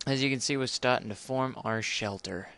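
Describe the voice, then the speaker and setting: A man's voice: mid-range voice, normal speed, bright, forceful tone. A young man talking casually and awkwardly over his gameplay, rambling and apologizing as he goes. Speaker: gamer. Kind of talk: casual let's play commentary.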